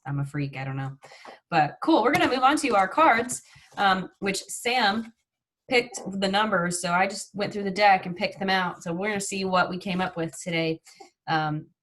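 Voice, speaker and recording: A woman's voice: lowish voice, fairly bright tone. Chatty woman leading a mindfulness class. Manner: upbeat, chatty, yawns during breathing exercises. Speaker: mindfulness teacher. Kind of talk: live online mindfulness class.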